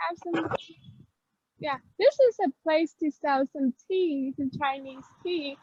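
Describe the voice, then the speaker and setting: Woman, high voice, simple halting english, outdoors on phone, muffled audio. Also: dark tone, slight background noise. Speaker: guest showing her street on a video call. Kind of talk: casual walking tour chat. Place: outdoors on a city street.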